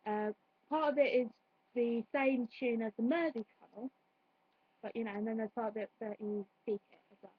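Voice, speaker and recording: A young woman rambles chattily with plenty of fillers, her voice a touch high and husky. The sound is dry and a little muffled, like a simple home recording. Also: normal speed, no echo. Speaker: vlogger reviewing a play. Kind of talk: casual chat.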